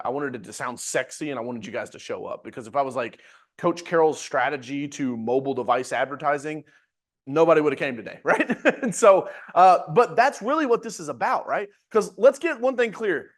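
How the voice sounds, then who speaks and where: A man's voice: a little high, lively intonation, a little fast, few pauses. A man teaching a live webinar as a sales coach, talking energetically and emphatically in slangy, direct address to his audience.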